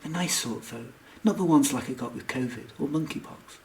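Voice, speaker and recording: A man reading a comic science fiction audiobook with wry, expressive narration. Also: medium pitch, moderate pace. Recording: echoey room, distant mic, faint noise.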